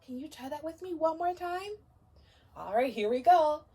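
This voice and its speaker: A woman teacher leads story time for small children, gently encouraging and coaxing them along. Her high voice swings widely in pitch, with lively intonation and a moderate pace.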